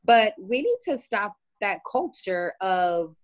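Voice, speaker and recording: A woman's voice: mid-range voice, sing-song, slow, rough recording. A woman speaking outspokenly and emphatically about dating in a casual group talk. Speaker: podcast co-host.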